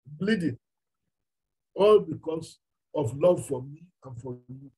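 A man's voice: on the high side, lively intonation, takes it slowly, darkish tone, husky, poor audio. A man with a Nigerian accent preaching a sermon, emphatic and full of rhetorical questions.

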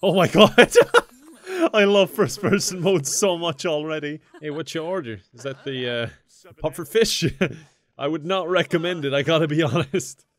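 Offering casual gameplay commentary, a young man speaks in a somewhat high, slightly bright voice at a slightly slow pace. He frequently laughs and curses, teasing the game's characters with goofy put-on voices.

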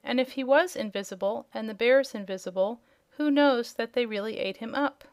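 A woman's voice: on the high side, normal speed, no echo, studio quality, close to an everyday voice. A woman voicing an inquisitive, slightly nervous little girl in a storybook reading. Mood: curious. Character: curious brave little girl.

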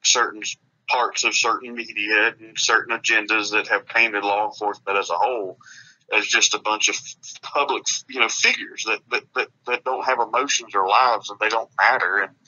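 A man's voice: lowish voice, steady tone, moderate pace, bright, forceful tone. A man from Alabama, talking earnestly as an author in a casual radio interview, often restarting his sentences. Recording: dull lo-fi radio audio.

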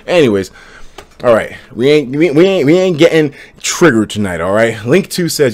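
A man's voice: mid-range voice, fairly quick, a little hiss or hum. A young man streaming live, ranting with lots of swearing and reading out chat messages. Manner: animated, profane, ranting. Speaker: livestreamer. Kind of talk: casual livestream rant and chat reading.

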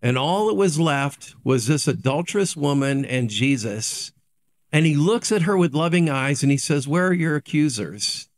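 A man's voice: on the high side, expressive, normal speed. A man, a pastor giving a daily devotional sermon, earnest and repetitive, asking rhetorical questions and answering them.

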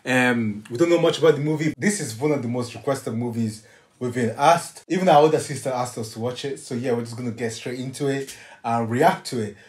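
A man's voice: mid-range voice, a little fast. A young man hosting a casual film reaction with his brothers, upbeat and jokey. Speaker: channel host reacting to a film. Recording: echoey room with film music behind.

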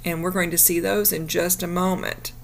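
Lady vlogging, chatty and cheery, lowish voice, kinda rough morning voice. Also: little pitch movement, normal speed, a little hiss or hum. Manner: chatty and upbeat. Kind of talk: casual travel vlog narration.

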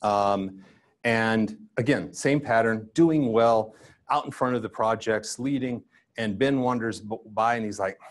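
Older guy on stage telling funny stories about himself, lowish voice. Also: unhurried. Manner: self-deprecating storytelling, acts out his past self. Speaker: guest speaker. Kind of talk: conference talk with anecdotes.

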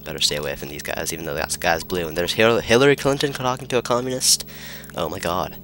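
A let's play commentator gives loose, sarcastic commentary over a video game, making rambling jokes and reading lines aloud. His low voice is fast and a bit bright, with soft music in the background.

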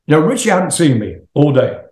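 An older man recounts his rock band days in a loose, meandering way. He laughs often and swears casually. His voice sits a little high and rings in a roomy, echoing space. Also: very animated, fairly quick, darkish tone. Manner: rambling, laughing, swearing anecdotes. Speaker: interview guest, rock singer. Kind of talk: casual storytelling.

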